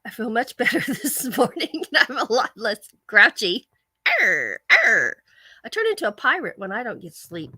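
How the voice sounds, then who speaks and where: A woman's voice: fairly high pitch, sing-song, normal speed, hardly any pauses, pushed and bright, slightly rough, dry recording. A woman hosting a casual livestream, telling a chatty story and reading viewer comments aloud. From American. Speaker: livestream host. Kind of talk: casual live-stream chat.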